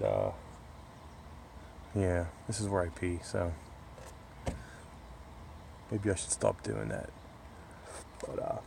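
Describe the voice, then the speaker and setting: A man's voice: fairly low pitch, creaky, darkish tone, a little hiss or hum. A man talking casually to camera outdoors in a backyard corner, rambling through a story with many restarts. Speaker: vlogger. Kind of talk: casual chat.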